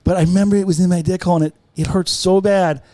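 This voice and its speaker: A man's voice: high-pitched, fairly even intonation, fast talker, dark tone, no room sound. A man, a guest comedian, telling rambling, profane stories on a podcast and acting out the voices of the people in them. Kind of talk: casual podcast storytelling. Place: podcast studio.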